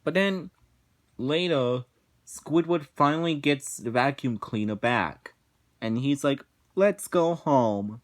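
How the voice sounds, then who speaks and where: A man giving a casual review rant, talking slowly with frequent restarts, repetitions and swearing. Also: medium pitch. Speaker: episode reviewer.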